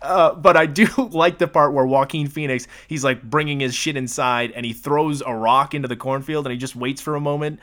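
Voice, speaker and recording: A man's voice: mid-range voice, fairly even intonation, fairly quick, few pauses, fairly bright tone. A man co-hosting a casual movie podcast, recapping scenes in a loose, profane way and laughing often. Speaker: podcast co-host.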